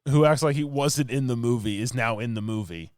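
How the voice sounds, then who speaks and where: A man's voice: medium pitch, fairly quick, darkish tone, no room sound, studio quality. A man co-hosting a podcast, casually recapping a movie in a rambling, filler-heavy way and laughing often. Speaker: podcast co-host.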